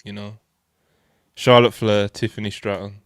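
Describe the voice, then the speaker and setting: A man's voice: lowish voice, level tone, moderate pace, clear, resonant tone, dry recording, studio quality. A man co-hosting a casual podcast chat, joking and asking probing questions.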